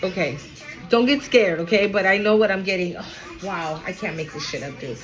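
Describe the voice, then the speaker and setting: A woman's voice: medium pitch, brisk, fairly bright tone, soft background music, rough recording. A woman giving a casual, emphatic tarot reading, chatting freely and swearing as she passes on messages. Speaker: tarot reader.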